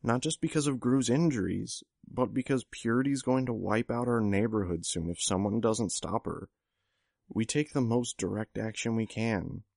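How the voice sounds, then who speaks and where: Male reader playing a sharp young woman, impatient and sure of herself, audiobook voice, dry recording. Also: lowish voice, creaky, no room sound, voice pushed up. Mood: urgent. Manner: brisk, exasperated, confident. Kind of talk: audiobook character voice.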